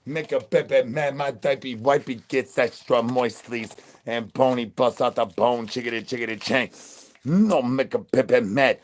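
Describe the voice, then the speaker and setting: A man streams in a zombie persona, spouting goofy, rambling patter packed with nonsense words and catchphrases. He talks at a moderate pace with a medium pitch.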